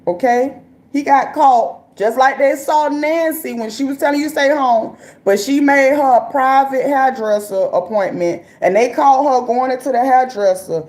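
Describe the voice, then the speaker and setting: A woman runs a loose, profane comic rant. She riffs with slang and asides. Her voice sits a little high. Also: lively intonation, normal speed, darkish tone. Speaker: commentator. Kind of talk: comedic political rant.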